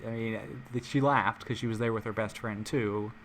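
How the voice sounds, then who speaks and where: A man's voice: on the low side, steady tone, normal speed, a bit bright, slight background noise. A man hosting a live stream in casual chat, rambling and making self-mocking jokes. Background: music playing.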